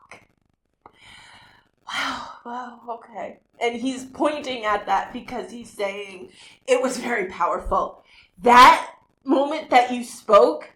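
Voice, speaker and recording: A woman hosting a talk show, giving a live psychic medium reading in a halting, rambling way with many restarts. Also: medium pitch, a bit bright. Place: community TV studio. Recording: roomy, echoey room sound.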